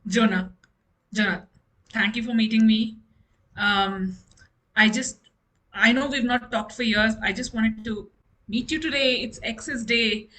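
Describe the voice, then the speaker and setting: A woman's voice: on the high side, fairly even intonation, measured pace, pauses often, pushed and bright, low-quality recording. A woman playing a stammering flustered ex. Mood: nervous. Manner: nervous, stammering, giggly apologies. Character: flustered woman seeking closure with her exes. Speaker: improv comedian. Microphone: video call.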